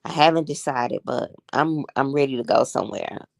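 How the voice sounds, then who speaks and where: A woman's voice: very deep voice, normal speed, creaky, dry recording, clean studio sound. A woman in her sixties hosting a casual livestream chat, gossiping and talking to her viewers as y'all. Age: 60s. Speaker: livestream host.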